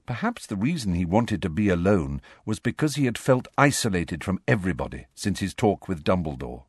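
A man narrating an audiobook in a measured, expressive reading. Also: low voice, slightly rough, no room sound, studio quality. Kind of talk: scripted narration.

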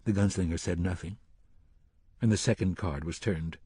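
A man narrating a dark fantasy audiobook in a slow, dramatic reading. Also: low voice, husky, no room sound, studio quality. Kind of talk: scripted narration.

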